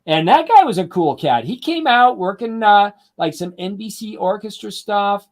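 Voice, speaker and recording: An older man, a drum educator, telling casual stories in an animated way and acting out what his friends said. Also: sits high, moderate pace. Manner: animated anecdotes, quotes friends in lively voices. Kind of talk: casual storytelling.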